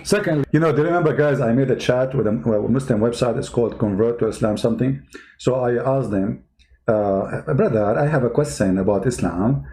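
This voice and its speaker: A man's voice: mid-range voice, brisk, dark tone. A man with a strained voice, not a native English speaker, hosting a combative call-in debate and mocking his callers. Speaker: host of a call-in debate stream.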